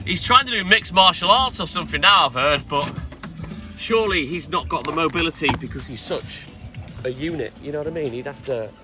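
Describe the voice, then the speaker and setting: A man's voice: fairly high pitch, expressive, a little fast. Chatty man streaming from a van. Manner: chatty, bantering, casually swearing. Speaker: milkman streamer. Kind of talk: casual live stream chat. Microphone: phone live stream. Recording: music playing clearly behind.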